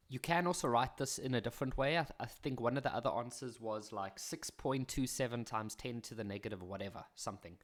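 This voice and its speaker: A man with a South African accent working through a maths problem for his viewers. He keeps it chatty and breaks off into self-deprecating jokes. His voice sits at an ordinary middle pitch. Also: fairly quick, few pauses. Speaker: maths teacher. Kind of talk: video maths lesson.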